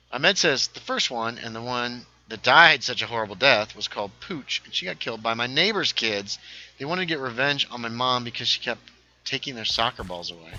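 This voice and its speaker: A man hosting a casual gaming livestream, chatting while he plays, reading viewer comments aloud and sometimes dropping into hushed asides. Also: medium pitch, low-quality recording. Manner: lively, reads chat aloud, drops into hushed asides.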